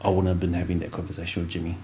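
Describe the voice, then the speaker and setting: A man's voice: low voice, completely flat delivery, rapid-fire, mellow, a little hiss or hum. A man who is a former rugby league player, chatting as a podcast guest and telling stories with acted-out dialogue. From Samoan heritage. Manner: storytelling, acts out dialogue, laughs often. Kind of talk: casual interview chat.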